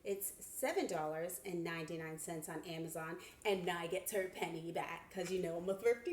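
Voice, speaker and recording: A woman giving a casual sewing product review, chatty and expressive, with laughs and exclamations, from a home sewing room. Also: fairly low pitch, moderate pace, few pauses. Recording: echoey room.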